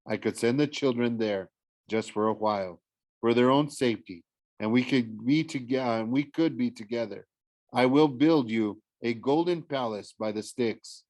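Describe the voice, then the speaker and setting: A man's voice: mid-range voice, a little mellow, dry recording, lightly acted. Agitated god pleading, urgent, man does the read.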